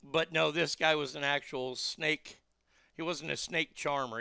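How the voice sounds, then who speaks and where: A man's voice: a little high, fairly even intonation, unhurried, creaky, sharp tone, smooth, no room sound, studio quality. A man hosting a talk show, ranting bluntly and swearing casually as he riffs on the news. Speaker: radio talk show host. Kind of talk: profane casual monologue.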